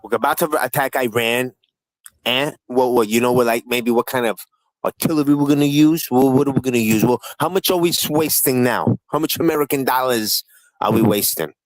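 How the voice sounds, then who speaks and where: A man with a mid-range voice hosts a heated livestream panel, talking briskly in a profane, taunting and combative way. The recording has no echo but is low quality.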